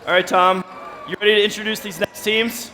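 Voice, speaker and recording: A Canadian-accented man calls out teams at a robotics event, joking as he goes. His voice sits high and sounds sharp and forceful. It rings out with the long reverb of a big hall. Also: level tone, brisk, a little hiss or hum. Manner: jokey, tacking on a teasing "eh". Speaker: match announcer. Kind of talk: playful event emcee banter.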